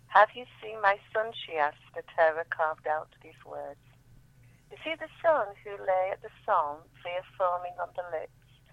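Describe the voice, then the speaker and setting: A woman reading her own poems aloud in a measured, solemn way, then chatting about them. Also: low-pitched, dry recording, lo-fi sound. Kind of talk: poetry reading and radio chat.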